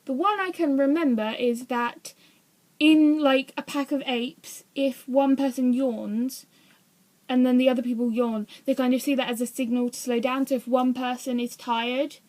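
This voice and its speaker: A woman's voice: high-pitched, fairly even intonation, normal speed, a little mellow. A young woman vlogging in a casual, rambling way, often hesitant and poking fun at herself. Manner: rambling, hesitant, self-deprecating. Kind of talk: casual chat to camera.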